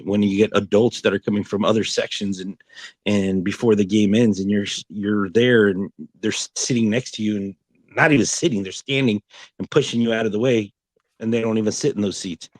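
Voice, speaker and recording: A man co-hosting a sports fan podcast, telling a story in a lively way, quoting people and laughing often. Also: fairly low pitch, dry recording. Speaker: podcast co-host. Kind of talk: casual podcast chat.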